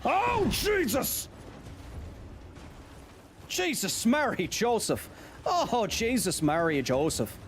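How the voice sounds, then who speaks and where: A man's voice: very animated, slow, long pauses, slight background noise, full character voice. A man voicing an exaggerated stage-Irish man with a put-on Irish accent, crying out in theatrical exclamations. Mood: exclaiming. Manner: theatrical exclamations, high and shouty.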